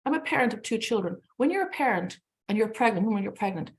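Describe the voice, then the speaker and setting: Irish woman middle aged, talks fast and passionate on a panel, lots of ums. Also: on the high side, expressive. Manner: candid, passionate storytelling with many fillers. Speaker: panel speaker. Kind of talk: unscripted panel talk.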